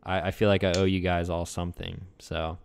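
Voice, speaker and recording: A young man co-hosting a casual podcast, laid-back and joking, his voice often dropping quiet at the ends of thoughts. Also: sits low, level tone, fairly quick, vocal fry, a crowd in the background. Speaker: podcast co-host.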